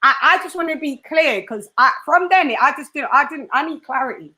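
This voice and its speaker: Casting: woman host, high bright voice, animated chatter, quick laughs. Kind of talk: casual live-stream chat.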